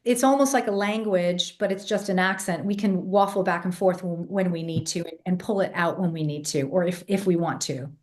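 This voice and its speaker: A woman's voice: lowish voice, a little fast, hardly any pauses. A woman in her fifties, raised partly in England, now speaking with an American accent, talking confidently as a vocal coach in a podcast interview. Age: 50s. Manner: confident, emphatic, fluent storyteller.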